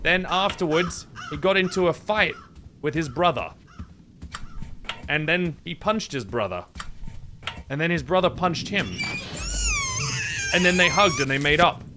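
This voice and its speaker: A man's voice: fairly high pitch, animated, unhurried, long pauses, background noise. A man giving goofy, dramatic, self-mocking commentary while playing a video game. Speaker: gaming video creator. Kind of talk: let's-play commentary.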